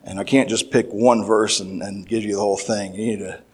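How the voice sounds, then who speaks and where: A man giving a sermon, reading scripture verses aloud and then explaining them, with restarts and fillers, louder and higher on key points. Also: fairly even intonation, a little fast, husky. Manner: grows louder and higher when stressing points. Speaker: preacher.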